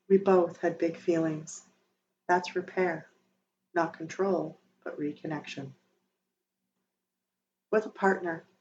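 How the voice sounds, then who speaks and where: A woman hosts a podcast in a gentle, soothing voice, taking her time over each phrase. The sound is a little dull and muffled, with a faint hiss of noise underneath. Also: fairly low pitch. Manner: gentle, soothing, slow-paced delivery. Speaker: podcast host. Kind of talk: calm scripted narration.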